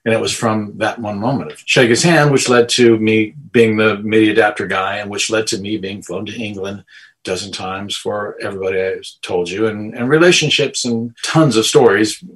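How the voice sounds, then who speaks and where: A man in his forties from Texas talks as an interview guest, unhurried and playful, with a good deal of self-deprecating humor. His voice sits a little low. He jokes about himself as he tells long stories. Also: fairly bright tone, husky, low-quality recording. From Amarillo, Texas. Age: 40s. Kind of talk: casual interview storytelling.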